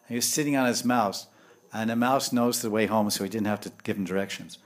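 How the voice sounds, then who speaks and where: A man giving a devotional lecture in English with Sanskrit and Hindi terms, telling lively stories and swinging from hushed tones to loud bursts. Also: mid-range voice, moderate pace. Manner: animated, acts out voices and laughter, swings from hushed to loud. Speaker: spiritual teacher.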